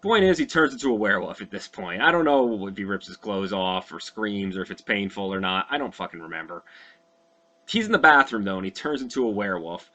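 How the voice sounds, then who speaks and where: A young man with a bright, forceful voice pitched a little low, talking through a movie plot off the top of his head. He rambles and swears freely, stacking fillers and side comments as he goes. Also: animated, a little fast. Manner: profane, loose and rambling, with many fillers. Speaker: host recounting a movie. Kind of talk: casual rambling recap.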